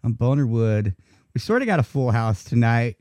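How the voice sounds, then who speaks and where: A man's voice: medium pitch, very animated, moderate pace, a little mellow, no room sound. A man hosting a live internet radio talk show, chatting loosely and laughing as he goes. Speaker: host. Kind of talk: casual live radio chat.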